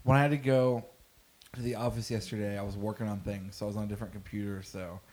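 A man talking loosely on a podcast, telling a story in a wandering way and laughing between his words. The talk is relaxed and offhand. Each point comes with a few restarts along the way. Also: on the low side, quick pace. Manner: laughs often, rambling storyteller. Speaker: podcast co-host. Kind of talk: casual chat.

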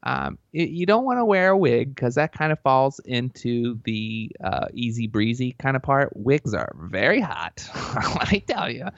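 In a comedy podcast bit, a man with a Southern accent gives boastful, rambling advice that keeps wandering off track. His medium-pitched voice is sing-song and unhurried with vocal fry, dry with no room sound, on a dull lo-fi recording.

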